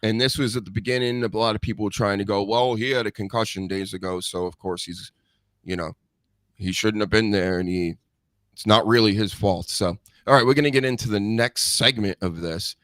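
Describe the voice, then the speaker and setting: A man's voice: fairly low pitch, steady tone, brisk, a bit bright, dry recording. A man hosting a live-stream podcast, commenting bluntly and profanely in a rambling casual way. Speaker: podcast host.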